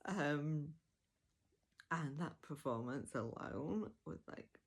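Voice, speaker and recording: A woman with a low, gravelly voice talks through an audiobook review at an unhurried pace. She is chatty and enthusiastic, stopping to correct herself and filling gaps with ums. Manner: chatty and enthusiastic, with laughs, fillers and self-corrections. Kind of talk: casual spoken review.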